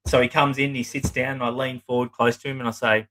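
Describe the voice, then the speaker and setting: A middle-aged man with a bright, forceful voice shares client stories in a loose interview. His talk is blunt and full of profanity. He often slips into acting out what other people said. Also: mid-range voice, little pitch movement, fast talker, rough recording. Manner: blunt, swears freely, acts out clients' lines. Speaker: psychotherapist guest. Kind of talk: casual storytelling interview.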